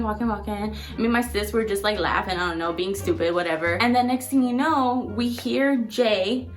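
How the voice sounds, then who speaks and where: Chatty woman telling a story, rather high voice. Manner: chatty, rambling, filler-heavy. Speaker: vlogger. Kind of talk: casual storytelling.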